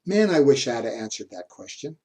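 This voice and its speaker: Very animated, his mid-range voice dark-toned and fairly quick, a man delivers a university history lecture. He fills it with personal anecdotes told in a chatty way, frequently chuckling.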